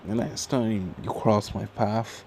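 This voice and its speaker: A man voicing a cold, menacing teenage boy hero with a flat, threatening delivery, over background noise. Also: lowish voice, slow pace, creaky.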